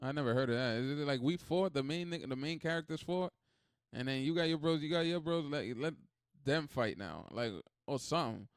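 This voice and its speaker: A man hosting a reaction video, talking in a rambling, animated, swearing way. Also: a little high, a little fast, clear, resonant tone, no echo, clean studio sound. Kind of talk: casual reaction commentary.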